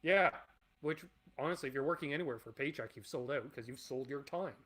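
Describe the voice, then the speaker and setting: A man's voice: mid-range voice, quick pace, noisy background. A man in his forties hosting a casual livestream Q&A, rambling and blunt and swearing freely. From Canada. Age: 40s. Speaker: channel host.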